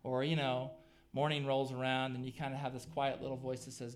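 A man's voice: medium pitch, level tone, a little fast. A middle-aged man preaching a sermon, talking casually and building to emphatic peaks. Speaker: pastor.

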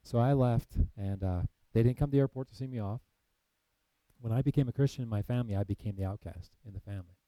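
A man's voice: mid-range voice, fast, dark tone, no room sound, rough recording. A man in missionary work telling his personal faith testimony in an earnest storytelling way, acting out past conversations between frequent fillers. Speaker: missionary ministry leader.

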